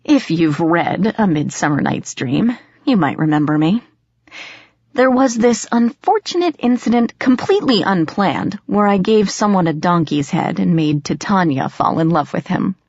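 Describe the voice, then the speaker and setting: Sly grinning fairy trickster boy read by a woman, teasing, lowish voice, dry dull audio. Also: lively intonation, normal speed, darkish tone, breathy edge, no echo. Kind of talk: audiobook character reading.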